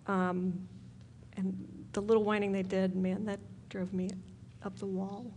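A woman speaking to a church group, leading questions and comments in a relaxed, self-deprecating way. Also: medium pitch, a little slow, slight background noise. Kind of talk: church talk with audience questions.

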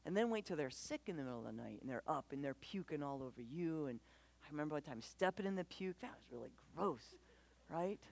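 Animated woman giving a parenting talk. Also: low-pitched, vocal fry. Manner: animated, acts out quick voices of parents and kids, asks the audience. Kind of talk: conversational sermon.

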